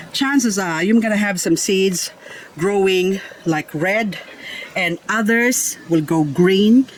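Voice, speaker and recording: A woman's voice: medium pitch, a little hiss or hum, rough recording. A woman hosting a casual gardening vlog in her garden, chatting and pointing things out plant by plant, often laughing. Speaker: succulent grower, channel host. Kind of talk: casual show-and-tell vlog. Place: outdoors in a garden.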